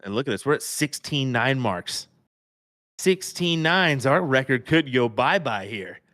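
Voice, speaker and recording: A man's voice: medium pitch, animated, a little slow, a bit bright, no echo, studio quality. A man co-commentating live darts in a laid-back, laughing way, calling his partner bud.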